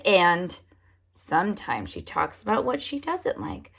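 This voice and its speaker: A woman preschool teacher reading picture books aloud to young children, animated and often asking them questions. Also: on the low side, moderate pace, gravelly, slightly rough. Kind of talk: storybook read-aloud for children.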